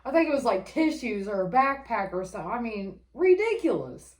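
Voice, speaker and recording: Woman cohost cussing nonstop, kinda high voice, echoey room, blunt casual chat. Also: very animated, brisk. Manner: blunt, swears heavily. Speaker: podcast co-host.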